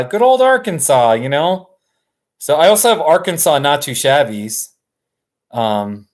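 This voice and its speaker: A man hosting a live stream from his couch, chatting casually in a relaxed, rambling way and chuckling often. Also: fairly high pitch. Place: sitting on a couch at home.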